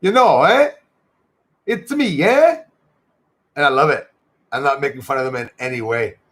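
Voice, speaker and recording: A man with a gravelly, fry-edged voice in the middle of the male range, hosting a relaxed livestream. He talks in a loose, chatty way, reads viewer comments aloud, thanks people by name and drifts into French greetings now and then. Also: medium pitch. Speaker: livestream host. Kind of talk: casual livestream chat. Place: home in Canada near the Michigan border.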